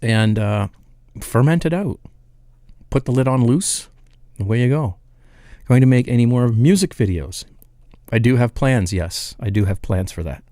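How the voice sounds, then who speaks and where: A man's voice: medium pitch, lively intonation, moderate pace, long pauses, mellow, no echo. A man talking casually on a live home brewing show, working through the chat and joking at his own expense. His voice sits in a middle range and comes through dry and close, with no room sound around it. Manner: rambling and self-deprecating, chuckling, loses his place reading chat. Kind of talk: casual live-stream chat, reading viewer comments.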